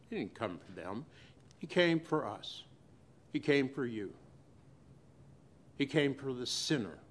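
A male pastor preaching a sermon to his church. He pauses dramatically and swings between loud and hushed delivery. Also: mid-range voice, animated.

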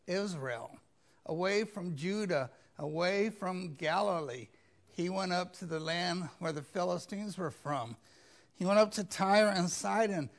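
Male pastor, unhurried conversational sermon, raspy fry in a high-set voice. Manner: conversational retelling of scripture, mimics pleading voices.

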